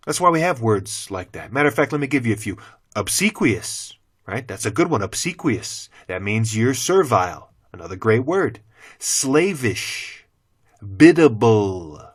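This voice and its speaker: A middle-aged former teacher who now hosts a channel rants bluntly to the camera with his opinions. His voice is fairly low, and he curses heavily, abruptly swinging into loud mockery.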